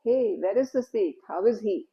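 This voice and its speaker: A woman's voice: medium pitch, expressive, normal speed, lo-fi sound, lightly acted. A woman voicing a wise, loving old holy man who questions his disciple earnestly, in a told story. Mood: concerned, earnest.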